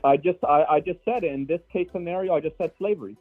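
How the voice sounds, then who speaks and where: Dominican male caller, husky, stammering and defensive, phone-line sound, higher voice. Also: quick pace, soft background music. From Dominican Republic. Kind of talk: defensive call-in argument.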